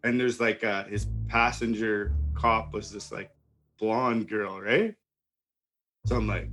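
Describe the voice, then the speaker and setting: A man's voice: on the low side, very animated, slow, pushed and bright, faint music behind. A young man telling a wild story in casual chat, swearing, laughing and acting out what people said. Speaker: podcast host telling a story.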